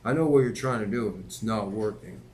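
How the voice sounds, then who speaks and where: A man voicing a curt, defensive man who coldly refuses to let someone in, in a slightly raised, louder voice. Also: lowish voice, a little fast, slight background noise, natural voice. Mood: firm, cold. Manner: firm and cold.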